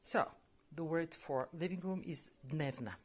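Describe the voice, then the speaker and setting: A woman's voice: fairly low pitch, expressive, unhurried. A woman, a language teacher explaining words in a casual vlog, chatty and full of "okay" and "um".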